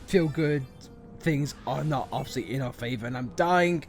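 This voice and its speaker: A man hosting a let's play, joking and excitable as he comments on the game. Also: medium pitch, moderate pace, soft background music. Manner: excitable, jokey, laughs often. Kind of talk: gameplay commentary.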